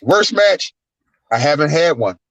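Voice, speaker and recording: A man, a guest wrestler, telling stories in an animated, profane way and acting out the voices. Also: on the high side, unhurried, dry recording. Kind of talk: casual storytelling. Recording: dull lo-fi, dry sound.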